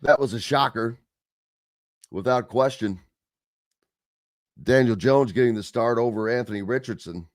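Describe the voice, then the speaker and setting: A man's voice: mid-range voice, unhurried, pauses often, no room sound, studio quality. A man hosting a sports talk radio show, chatting casually in a rambling way and reading listener comments aloud.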